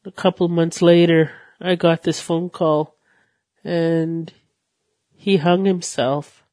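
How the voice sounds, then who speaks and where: A speaker giving a personal faith testimony, halting and emotional, with pauses and repeated phrases. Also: mid-range voice, little pitch movement, a little mellow, dry recording. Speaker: guest sharing a personal testimony.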